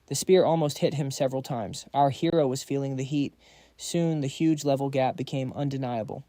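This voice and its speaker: Mellow male recap narrator, dry close sound. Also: mid-range voice, fairly even intonation, normal speed, no room sound. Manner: dramatic storytelling.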